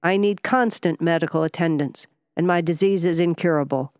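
A woman's voice: lowish voice, moderate pace, darkish tone, no echo, clean studio sound, natural voice. A woman voicing a testy ailing millionaire. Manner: vexed, impatient.

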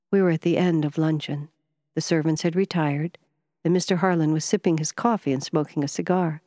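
A woman narrating a classic novel in scripted, steady storytelling. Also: low-pitched, moderate pace, no echo, studio quality. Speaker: audiobook narrator.

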